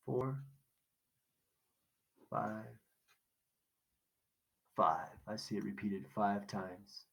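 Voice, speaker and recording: A man's voice: lowish voice, drawn-out words, creaky, a bit bright, husky, low-quality recording. A man teaching a recorded poetry lesson, explaining in a casual way and asking questions that he then answers himself. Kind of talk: recorded classroom lesson walkthrough.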